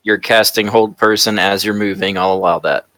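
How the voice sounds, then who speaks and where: A woman running a tabletop game as game master, narrating in a relaxed, casual way. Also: a bass voice, moderate pace, no echo.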